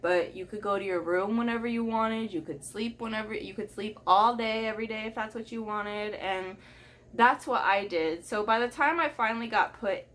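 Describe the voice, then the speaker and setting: Young woman, vlogger, frank personal storytelling, blunt, swears, laughs things off, medium pitch. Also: normal speed, a bit bright.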